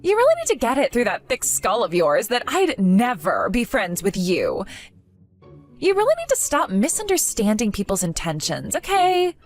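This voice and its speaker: A scornful, condescending young woman for an animated story. Her voice sits fairly high and swings widely, turning every line into a sneer. Faint music plays behind her. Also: normal speed. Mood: mocking. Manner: mocking, condescending. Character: spiteful young woman, scornful fake friend.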